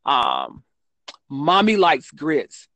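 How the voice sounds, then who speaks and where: A woman's voice: low voice, wildly swooping pitch, very slow, a bit bright, dry recording. Rambling woman author, dry close sound. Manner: rambling, frequent ums and self-corrections. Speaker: children's book author, guest. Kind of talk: casual interview talk.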